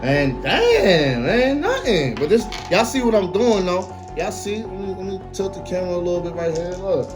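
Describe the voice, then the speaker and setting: A man's voice: normal speed, hardly any pauses. Late-20s male podcast host, loose slangy chat, hyped energy, light music bed. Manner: slangy, animated, swings between hyped and low drawl. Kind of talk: casual solo podcast chat.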